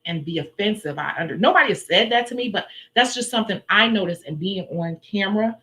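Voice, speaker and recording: A woman's voice: mid-range voice, lively intonation, quick pace. Blunt, chatty Chicago woman livestreaming. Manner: forceful, blunt, chatty, laughs often. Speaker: nail tech livestream host. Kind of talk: casual livestream chat with viewers. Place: indoors at home.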